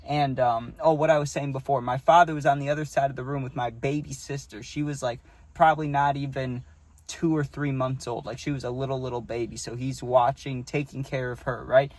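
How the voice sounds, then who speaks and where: A man's voice: medium pitch, steady tone, a little fast, a little mellow, dry recording. A young man telling a childhood story casually, rambling and tagging lines with "right?" and "dude".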